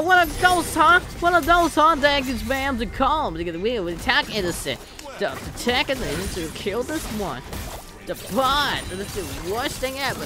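A young man gives live gameplay commentary, breaking into bursts of loud excited exclamations. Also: very high voice. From Philippines. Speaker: gaming channel host. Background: game music.

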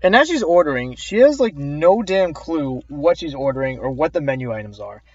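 A man's voice: fairly high pitch, lively intonation, moderate pace, breathy edge, no room sound. A young man casually narrating a story about an awkward customer, chatty and exasperated, with sarcastic asides. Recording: dull, dry, slightly lo-fi voice track.

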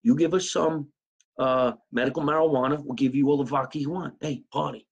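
A comedian putting on a partying Russian leader. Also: male voice, medium pitch, fairly even intonation, brisk, vocal fry, husky, muffled recording. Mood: cheerful.

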